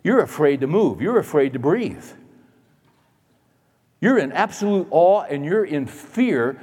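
Pastor guy preaching, goes loud then real quiet, long echo in a big church hall. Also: a little high, big pitch swings, measured pace, breathy edge. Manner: dramatic, swings between loud emphasis and hushed asides. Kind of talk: sermon.

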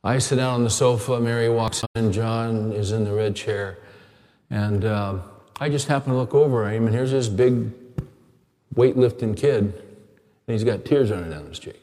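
A middle-aged man preaching a sermon as a pastor, telling stories earnestly and dropping to a hushed tone at times. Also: lowish voice, normal speed, long reverb tail. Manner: earnest storytelling, drops to a hushed tone.

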